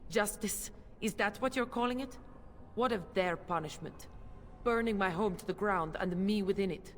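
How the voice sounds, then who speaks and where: Actress as a tyrannical game witch: mid-pitched, scornful, commanding, echoing. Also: normal speed, natural voice. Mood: mocking. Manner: arrogant, mocking, imperious. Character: cruel, haughty witch baroness. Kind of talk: video game voice acting.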